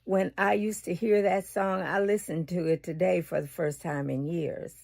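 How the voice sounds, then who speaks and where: A cheerful woman giving a short casual segment, speaking unhurriedly with soft asides. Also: fairly low pitch, flat delivery, normal speed, vocal fry. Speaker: guest segment host. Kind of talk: casual spoken message.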